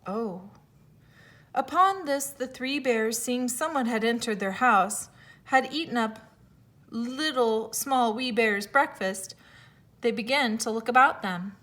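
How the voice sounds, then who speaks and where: A woman teacher reading a fairy tale aloud to children, expressive, with small slips and self-corrections. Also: fairly high pitch.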